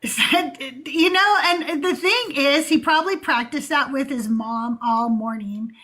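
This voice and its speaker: A woman's voice: sits high, pushed and bright. A woman hosting a casual chat, chatty, laughing often. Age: older. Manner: laughs a lot, slow and chatty. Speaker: host.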